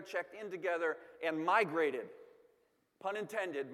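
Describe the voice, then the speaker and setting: A man's voice: a little high, fairly bright tone, big-room sound. A man telling a family story to an audience, with self-deprecating humor and frequent repeated words.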